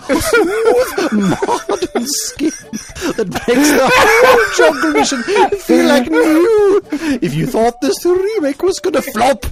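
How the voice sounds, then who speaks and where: A man doing a squeaky Gen Alpha slang kid. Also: heavily acted. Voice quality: squeaky, drawn-out, giggly slang delivery. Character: exaggerated Gen Alpha teen slang talker, young man. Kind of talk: comedic mock promo.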